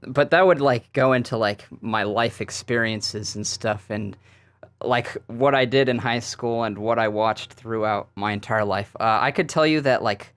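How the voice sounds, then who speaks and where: Halting, giggly man guest, dry sound. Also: medium pitch, a bit bright, clear, resonant tone, no room sound. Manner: halting, many fillers and nervous laughs. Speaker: podcast guest. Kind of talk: casual chat.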